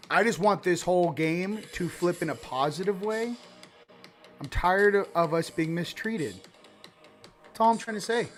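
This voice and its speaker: A man's voice: on the high side, fairly bright tone. A man hosting a casual livestream card reading, rambling and fired up, with frequent restarts and asides. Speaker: host of a spiritual card-reading stream.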